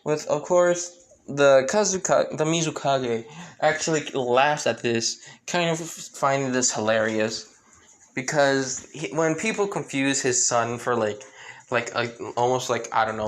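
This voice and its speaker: A man's voice: mid-range voice, fairly bright tone, a little hiss or hum. Man narrating a fan story, rambling, self-correcting, casual.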